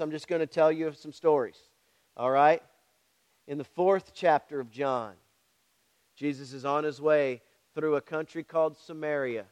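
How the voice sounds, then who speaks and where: Male preacher, high, smooth and resonant voice, storytelling sermon full of asides to the congregation. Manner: storytelling with frequent "all right?" asides to the congregation; acts out voices in his stories. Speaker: pastor.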